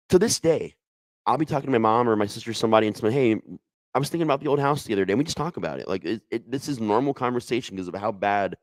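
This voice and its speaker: A man's voice: deep voice, no room sound. A middle-aged man telling a personal ghost story in a casual, emotional way, with frequent restarts and asides.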